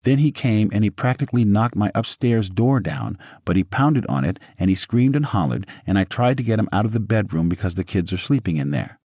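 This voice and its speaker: Brief: pleading, frightened woman caller, read by a man with a lively dark voice. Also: on the low side, a little fast, hardly any pauses, husky, no room sound, clean studio sound. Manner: pleading, repeated appeals. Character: frightened woman calling police.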